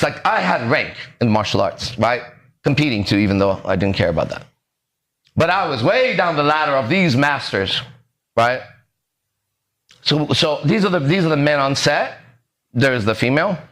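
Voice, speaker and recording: Animated man in his forties telling a story. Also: mid-range voice, moderate pace. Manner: animated, acts out quoted lines, keeps checking in with "right?". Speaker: podcast host telling a story. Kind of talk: casual storytelling.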